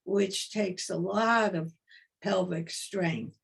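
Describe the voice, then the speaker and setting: An older woman with a New York accent giving a lecture as a retired dance professor over a video call, in a slow, measured, deliberate way. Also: mid-range voice, creaky. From East Coast of the United States.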